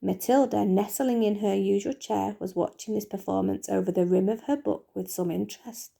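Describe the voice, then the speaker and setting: A woman teacher reading a children's book aloud in a lively, expressive way. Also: medium pitch, moderate pace, creaky, few pauses.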